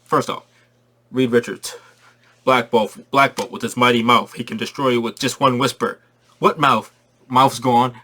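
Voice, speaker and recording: A man gives a relaxed, spoiler-filled movie review, full of slang and excitement, and he keeps repeating his points to drive them home. His voice sits at a medium pitch and moves at a measured pace.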